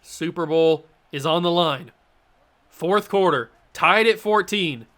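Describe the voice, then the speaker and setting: Excitable high-voiced male game commentator. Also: slow. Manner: excitable, self-talking, swings between play-by-play and outbursts. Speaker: gaming channel host. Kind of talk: live football video game commentary.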